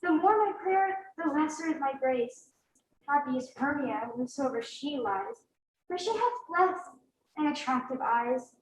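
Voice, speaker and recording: A woman's voice: high-pitched, expressive, unhurried, a little hiss or hum. A woman acting a desperate, lovesick young woman in an amateur stage Shakespeare play, delivering the verse in a pleading, heightened way. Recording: echoey stage from far off.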